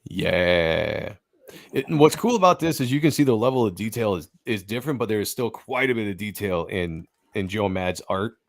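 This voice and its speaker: A man's voice: on the low side, animated, moderate pace, gravelly. A man hosting a casual livestream, talking enthusiastically about comic art and swearing now and then. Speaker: host.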